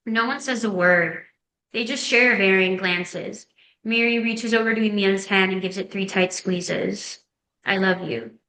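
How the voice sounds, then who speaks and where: A woman's voice: mid-range voice, unhurried, bright, forceful tone, slight background noise. A woman narrating, reading a screenplay's scene and action lines in a plain, descriptive way. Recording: echoey room.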